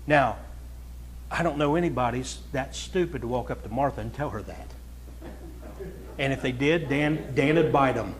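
A man's voice: medium pitch, moderate pace, pauses often. A pastor preaching a conversational, folksy sermon to his congregation, chatting with listeners and then building to emphatic, raised points.

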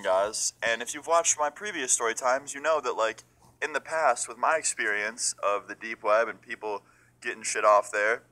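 A man's voice: lowish voice, pushed and bright, low-quality recording. A young adult man telling a casual story-time tale, swearing freely and saying "like" a lot. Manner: casual, profane, heavy use of "like". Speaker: vlogger.

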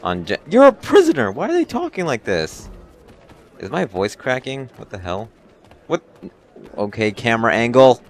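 A man giving casual, joking gameplay commentary, excitable and swearing at the game. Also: medium pitch, normal speed. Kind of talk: casual let's-play commentary.

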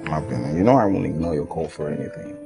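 A man's voice: rumbling low, fast talker, vocal fry, over music. A young man with a Nigerian accent playing an affectionate grown son. He teases and sweet-talks his parents on the phone and switches between English, pidgin and Yoruba. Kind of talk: film dialogue.

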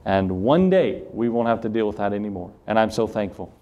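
Earnest preacher man, mellow voice. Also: lowish voice, expressive, a little fast, muffled recording. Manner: earnest preaching, rising to emphatic questions. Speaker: pastor. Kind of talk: sermon. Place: church sanctuary.

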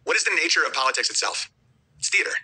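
High, bright, rapid-fire male livestreamer. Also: sing-song, slightly rough. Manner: rapid, muttering, reads viewer chats aloud. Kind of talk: rambling livestream monologue.

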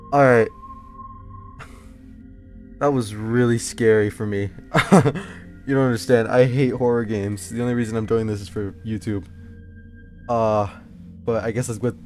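A man's voice: mid-range voice, a little mellow. A young man commenting on a horror game he is playing, jittery, swearing and talking to himself, with faint music behind. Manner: jittery, swears, yelps and talks to himself when scared. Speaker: gameplay youtuber.

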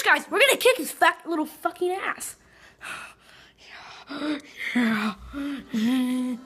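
A woman giving foul-mouthed, mocking commentary over gameplay and breaking into yells. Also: high voice, big pitch swings, takes it slowly, pauses often. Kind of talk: profane ranting game commentary. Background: game music.

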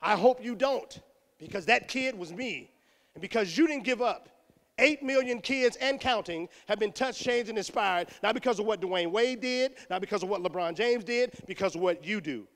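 A middle-aged man from Texas giving an animated motivational talk to students, acting out voices and shouting punchlines. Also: sits high, normal speed. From Houston, Texas. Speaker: motivational speaker. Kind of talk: energetic motivational speech to students. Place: school auditorium. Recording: echoey hall.

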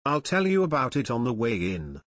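A man reading the part of a brash teenage boy steering a speedboat, yelling over the engine in an audiobook. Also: medium pitch, wildly swooping pitch, a little fast, dry recording, clean studio sound. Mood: matter-of-fact.

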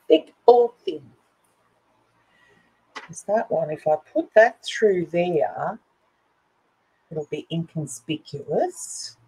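A woman's voice: sits low, animated, slow pace, a little mellow, slightly rough, rough recording. A woman chatting casually to viewers and herself while she works on a craft project. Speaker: craft video host.

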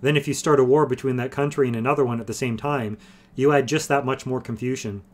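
A man's voice: medium pitch, fairly even intonation, fast, natural voice. A man doing an earnest young farm boy.

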